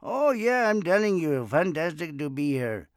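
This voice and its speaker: A man doing an excited heavy-accented stranger. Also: fairly high pitch, normal speed, smooth, no echo, studio quality, pitched above the performer's own voice.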